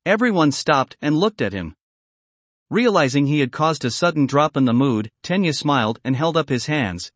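A man reading fan fiction aloud as narrator in a steady storytelling read. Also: fairly high pitch, normal speed, no room sound.

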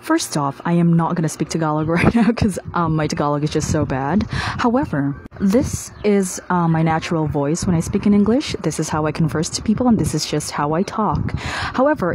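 A woman chats in a bubbly way. Her voice sits a little low but swings widely in pitch, and clear background noise runs under it. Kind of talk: casual selfie-video chat.

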